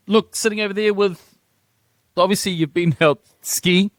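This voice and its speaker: A man's voice: high-pitched, steady tone, normal speed, dry recording. A man co-hosting a casual sports chat podcast, hyped and teasing, often saying "talk to me". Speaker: podcast co-host.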